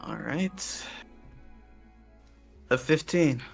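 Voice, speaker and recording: A man's voice: on the high side, expressive, extremely slow, creaky, soft background music. A man playing a tabletop game, talking casually in character. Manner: casual, plain in-character talk. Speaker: player.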